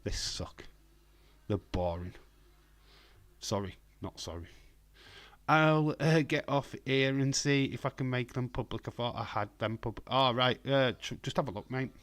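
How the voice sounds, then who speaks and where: A man with a hoarse voice, hosting a casual live stream from home and talking in a blunt, rambling way. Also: mid-range voice, measured pace, a bit bright. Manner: blunt, rambling, profane, reads chat aloud.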